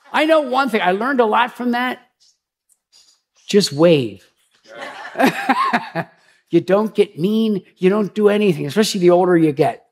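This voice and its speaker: Pastor, man, higher-pitched and gravelly voice, rambling conversational sermon. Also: a little hiss or hum. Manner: chatty and rambling, with frequent restarts and asides.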